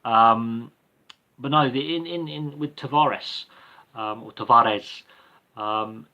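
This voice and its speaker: A man's voice: mid-range voice, slow pace, highs cut off. A man hosting a livestream Q&A, answering viewer questions off the cuff in a rambling, hesitant way with many ums and restarts. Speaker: livestream Q&A host.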